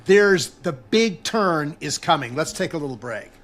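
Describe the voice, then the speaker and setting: A man co-hosting a podcast with a notably high voice. He talks in an easygoing, agreeable way, retelling scenes and moving the chat along. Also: lively intonation, measured pace, fairly bright tone. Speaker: podcast co-host. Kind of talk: casual recap chat.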